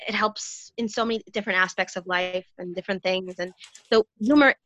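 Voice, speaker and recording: A woman guest in a casual conversation, chatty and jokey, quick to laugh. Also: mid-range voice, steady tone, fairly bright tone, no echo, lo-fi sound.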